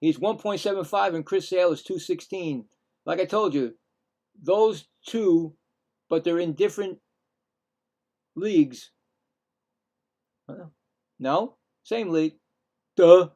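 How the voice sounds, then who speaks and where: A middle-aged man with a gravelly, slightly raised voice calls a baseball game live as a casual play-by-play streamer. He rambles, corrects himself and drifts into chatty asides between pitches. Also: unhurried, long pauses, darkish tone.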